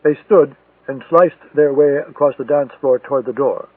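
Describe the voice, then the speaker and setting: A man narrating a thriller audiobook in a steady, measured storytelling manner. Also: medium pitch, breathy edge, no echo. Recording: tinny, distant, dry lo-fi recording.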